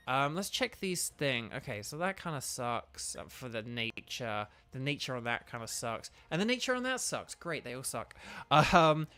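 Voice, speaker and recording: A man's voice: medium pitch, sharp tone, clear, resonant tone. A young man talking casually to his live chat while playing a game, rambling with many fillers and restarts. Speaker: streamer and voice actor.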